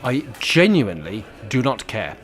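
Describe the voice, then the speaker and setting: A grumpy man with a sarcastic, bossy edge, playing a cantankerous old pensioner in a comedy sketch. His pitch swings widely as he grumbles and gives orders. Light music sits underneath. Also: very animated, normal speed, fairly bright tone.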